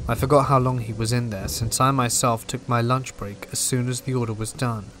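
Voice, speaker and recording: A man reading horror stories aloud in a slow, hushed narration. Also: medium pitch. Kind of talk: scripted narration. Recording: rain noise behind voice. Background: steady rain.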